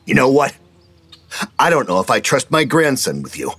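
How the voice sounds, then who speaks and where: A man voicing a crude, loudmouthed older ex-Marine grandfather who mocks and insults everyone. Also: medium pitch, very animated, normal speed, slightly rough, dry recording, voice pushed up, exaggerated voice. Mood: brash mocking. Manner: brash, mocking, insulting.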